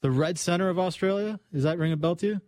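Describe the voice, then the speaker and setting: A man co-hosting a radio show, joking around with playful quick interjections. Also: high voice, darkish tone, dry recording, clean studio sound. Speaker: radio co-host. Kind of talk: casual studio banter.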